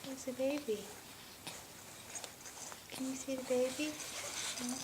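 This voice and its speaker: A woman's voice: sits high, level tone, slow pace. A woman talking to her baby in a cooing, sing-song way, repeating questions and laughing, filmed at home on a handheld camera. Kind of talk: baby talk to an infant. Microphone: home video camera held by someone else. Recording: home video with clear background noise.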